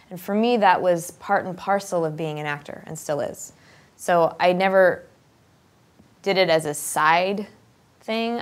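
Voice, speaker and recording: Open, chatty actress with a lowish voice. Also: female voice. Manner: open, straightforward, talkative; animated, sometimes laughing, thinking aloud with ums. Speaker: actress and accent coach. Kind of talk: casual interview talk.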